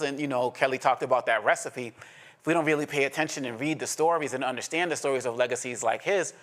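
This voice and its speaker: Steady-voiced man hosting a news panel. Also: mid-range voice. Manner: measured, steady delivery, with brief restarts when questioning. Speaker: panel host. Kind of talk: news reading and panel moderation.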